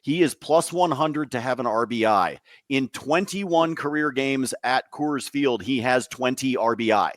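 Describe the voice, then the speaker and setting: A man's voice: mid-range voice, a little slow, hardly any pauses, dry recording. A man co-hosting a sports betting podcast, laying out stats in a matter-of-fact way and talking to the folks listening. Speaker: podcast co-host. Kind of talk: casual sports betting talk.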